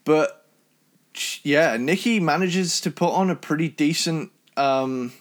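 A man from Cornwall with a British accent, co-hosting a casual album review chat in an enthusiastic, talkative way. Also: takes it slowly. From Cornwall, England. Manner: enthusiastic, chatty, jumps in pitch when excited. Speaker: podcast co-host reviewing albums.

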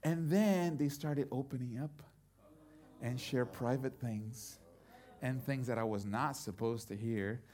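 A middle-aged male pastor preaching a sermon, telling a story and moving from quiet, intimate passages to loud, emphatic ones. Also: mid-range voice, measured pace.

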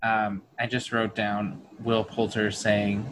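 A man's voice: on the low side, little pitch movement, slow, fairly bright tone, low-quality recording. A man joins a casual comedy podcast and drops wry remarks. A faint background noise sits behind his voice.

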